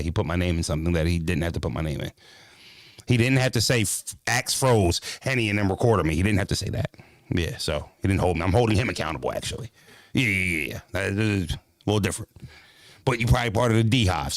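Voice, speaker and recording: A man with a Philadelphia accent streaming live, ranting to his viewers in a profane, emphatic and animated way. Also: deep voice, no room sound, studio quality. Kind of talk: casual livestream rant.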